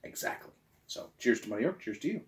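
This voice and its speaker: A man reviewing beer in a casual vlog, enthusiastic, swinging from quiet murmurs to loud exclamations. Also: medium pitch, sing-song, fast, a little hiss or hum.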